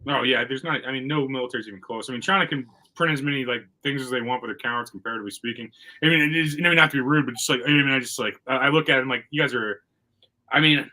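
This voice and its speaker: Fast, bright-voiced blunt man. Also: medium pitch, low-quality recording. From United States. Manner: blunt, mocking, full of "I mean" and "like". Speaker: podcast host. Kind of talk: casual podcast chat.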